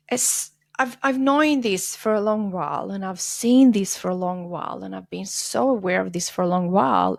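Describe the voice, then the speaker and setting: Earnest woman with a gravelly edge. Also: lowish voice, dry recording. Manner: earnest, confessional, dips to soft whispers. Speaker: podcast host. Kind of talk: candid solo podcast monologue.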